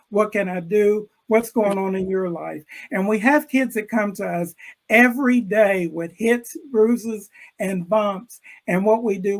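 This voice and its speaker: Gravelly older man telling a story. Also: sits high, poor audio. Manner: animated storyteller, acts out characters' lines. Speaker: interview guest, educator. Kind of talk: storytelling in a video call interview. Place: room with bookshelves.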